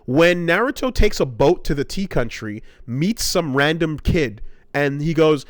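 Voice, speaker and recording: Brief: podcast host, man, somewhat higher voice, cursing storyteller, dry close mic. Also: lively intonation, measured pace, dry recording. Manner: profane, rambling storytelling rant. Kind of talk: casual podcast chat.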